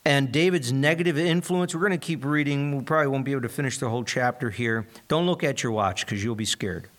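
A male pastor with a mid-range, fairly bright voice speaks at a quick pace while preaching a sermon. He reads scripture and then retells it in an earnest, conversational way.

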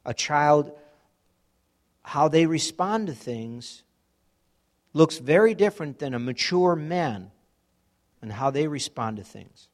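A man's voice: on the high side, expressive, slow, pauses often. A man preaching a sermon in a conversational way, acting out everyday examples. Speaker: pastor.

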